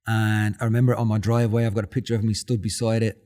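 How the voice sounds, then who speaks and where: This Irish man in his forties speaks fast in a lowish voice with a Dublin accent. He's a podcast guest in a casual interview, an emotional, animated storyteller who acts out his own quotes with feeling.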